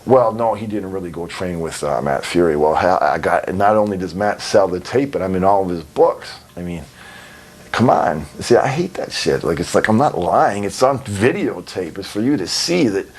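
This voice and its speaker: Blunt, husky-voiced man. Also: low voice, normal speed. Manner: blunt, animated storytelling with swearing and laughs. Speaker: interview guest, pro wrestler. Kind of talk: candid, profane interview talk.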